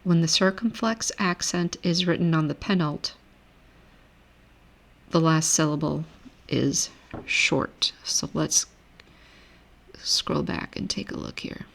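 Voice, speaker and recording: A woman with a notably low voice gives a recorded grammar lecture. She explains each rule patiently, pausing to correct herself now and then. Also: creaky. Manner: relaxed, self-correcting explanations. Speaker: Greek grammar teacher. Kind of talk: recorded lecture over screen.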